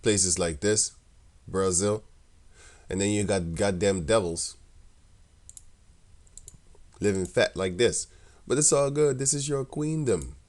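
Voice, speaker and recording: A man's voice: on the low side, takes it slowly, pauses often, a little mellow. A man giving casual scripture commentary, laughing often and speaking in a mocking, scornful, rambling way. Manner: loose and rambling, with many restarts. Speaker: religious commentator.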